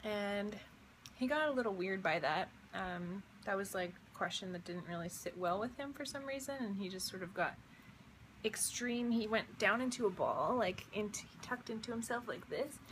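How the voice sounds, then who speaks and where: A woman's voice: medium pitch, normal speed, a bit bright, slight background noise. A young woman who has just woken up, telling a dream in a rambling, casual way full of fillers. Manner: rambling, filler-heavy, wondering. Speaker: vlogger and visionary artist.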